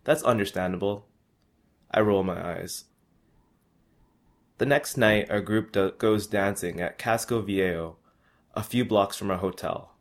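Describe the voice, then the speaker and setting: A man's voice: on the low side, measured pace, long pauses. A young man earnestly reading his personal travel story aloud. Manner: earnest, with small restarts.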